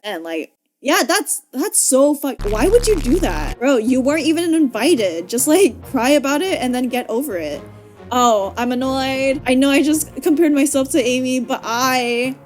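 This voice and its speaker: A woman giving casual movie reaction commentary, excitable and slangy, laughing often and swearing. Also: a little high. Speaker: reaction vlogger.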